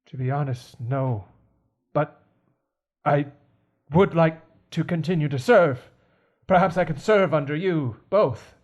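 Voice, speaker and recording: A man's voice: fairly high pitch, lo-fi sound, voice pushed down, lightly acted. A man playing a mournful old butler. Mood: solemn. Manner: quiet, halting, mournful. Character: weary old male butler, gloomy and devoted. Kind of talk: improvised movie-dub comedy.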